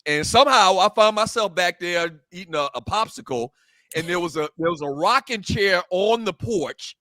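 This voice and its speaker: A man, hosting a casual talk show and telling lively stories in which he acts out the sounds. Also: sits high, moderate pace, no echo. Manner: animated storyteller, acts out sounds. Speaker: host.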